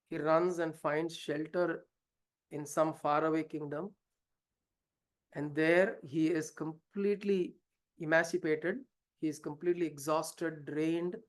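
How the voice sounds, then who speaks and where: Spiritual teacher, storytelling lesson, rhetorical questions, medium pitch. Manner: hesitant, with fillers and restarts. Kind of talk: scripture lesson told as a story.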